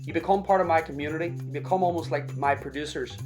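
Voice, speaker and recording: A man's voice: on the high side, quick pace, darkish tone, faint music behind. A man hosting a podcast, giving a chatty, upbeat intro and plugging his projects straight to listeners. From Ireland. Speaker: podcast host. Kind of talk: solo podcast intro and promo read.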